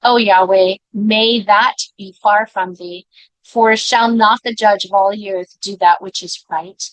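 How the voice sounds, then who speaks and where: A woman reading scripture aloud in a measured way, now and then breaking off for quiet personal comments. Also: medium pitch, fairly even intonation, no room sound, low-quality recording. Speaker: scripture reader.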